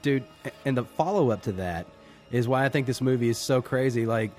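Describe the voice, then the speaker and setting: A man co-hosting a podcast in casual chat, excitable and emphatic, swearing freely. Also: medium pitch, a little fast, soft background music. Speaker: podcast co-host.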